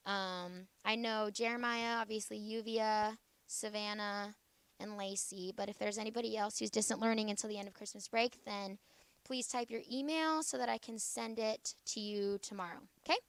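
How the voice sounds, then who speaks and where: A woman's voice: mid-range voice, steady tone, moderate pace, clean tone. Woman teacher checking "okay?" constantly. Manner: checks in with "okay?" after nearly every phrase. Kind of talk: classroom spelling lesson. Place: classroom.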